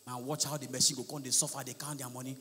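A Nigerian man with a Nigerian accent doing live stand-up comedy, shouting his punchlines and slipping into Pidgin. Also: mid-range voice, level tone, rapid-fire, big-room sound, a little hiss or hum. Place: large live comedy venue with audience.

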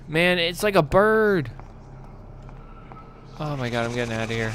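A man's voice: fairly high pitch, big pitch swings, measured pace, pauses often, fairly bright tone, smooth. A young man commentating a horror game as he plays, jumpy and panicky, breaking into screams and swearing when something startles him. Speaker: gaming YouTuber.

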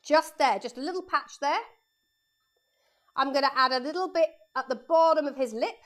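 Speaking at a normal speed in a high-pitched voice, a woman teaches children to paint live from her studio. She talks them through each step as she draws, using a lapel mic.

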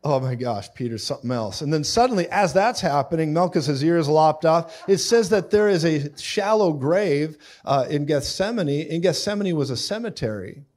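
Preacher, man, middle-aged, lively sermon delivery, slightly high-pitched. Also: normal speed, few pauses. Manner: animated storytelling, acts out voices with loud sound effects.

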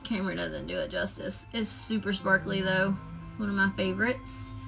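A woman chatting casually on a live stream, showing off her craft supplies in a drawn-out, enthusiastic way. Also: mid-range voice, fairly even intonation, vocal fry, music in the background, rough recording.

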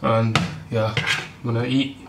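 Rambling young man, flat voice. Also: mid-range voice, takes it slowly. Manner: chatty, rambling, eats while talking. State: congested from a cold. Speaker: fitness vlogger. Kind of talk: casual vlog chat. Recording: distant camera mic, noisy room.

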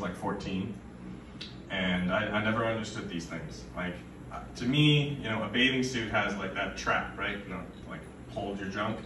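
A man's voice: on the low side, pushed and bright. Rambling man doing stand-up, roomy far sound. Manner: rambling, absurd, stammering delivery. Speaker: stand-up comedian. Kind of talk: stand-up comedy set. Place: live comedy event venue. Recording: roomy, from far off, faint noise.

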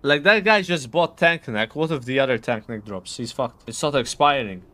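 A man's voice: medium pitch, expressive, normal speed, bright, forceful tone. A man streaming a raid, chatting casually, swearing and saying bro all the time. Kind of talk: casual gaming chat.

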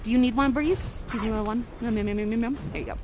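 A woman's voice: on the high side, fast talker, heavy background noise, lightly acted. A woman playing an exiled mother sorceress in live interactive theater, coaxing and playfully dramatic, doting on her audience. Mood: excited cheerful. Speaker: immersive theater actor.

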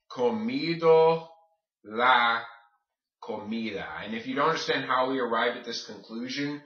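A man teaching Spanish grammar in a video lesson, explaining each step slowly as he writes it out. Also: mid-range voice, sharp tone. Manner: explains step by step, writing on a board. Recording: roomy, dull lo-fi sound.

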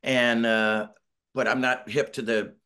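A man's voice: medium pitch, level tone, unhurried, sharp tone. Rambling middle-aged man on a video call. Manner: rambling storyteller, acts out quotes, self-deprecating. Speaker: band member, interview guest. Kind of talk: casual video-call interview. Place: home, Northern California.

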